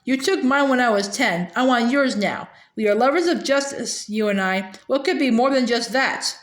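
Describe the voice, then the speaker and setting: A woman voicing a wounded, vengeful Spanish swordsman who speaks in low, measured phrases. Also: lively intonation, lightly acted.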